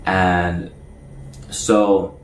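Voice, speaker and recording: A man's voice: sits low, level tone, very slow. Stammering man telling a story, echoey room. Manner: stuttering, repeating words and restarting; acts out other people's lines in a raised voice. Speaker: storyteller recounting personal experiences. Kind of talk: casual spoken storytelling. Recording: echoey room, faint noise.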